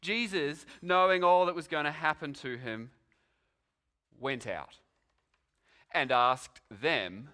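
A man's voice: a little high, slow, long pauses, sharp tone. A man preaching a sermon, telling it as a story with dramatic rhetorical questions. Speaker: pastor.

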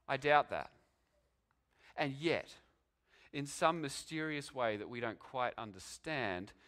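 A man's voice: mid-range voice, bright, forceful tone. A man preaching a sermon, telling it as a story with dramatic rhetorical questions. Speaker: pastor.

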